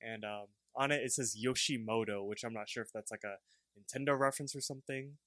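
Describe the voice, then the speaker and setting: A man's voice: medium pitch, fast, bright, forceful tone, no echo. A young man co-hosting a podcast, casually recapping a cartoon episode in a rambling way and acting out the characters' lines as he goes. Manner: rambling, acts out characters' lines while retelling. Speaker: podcast co-host.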